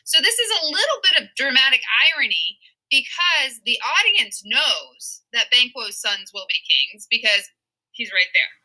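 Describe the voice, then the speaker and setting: A woman's voice: on the high side, measured pace, rough recording. A woman teaching a literature lesson in a casual, playful way, acting out lines in silly voices. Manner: lively, playful, acts out quotes in silly voices.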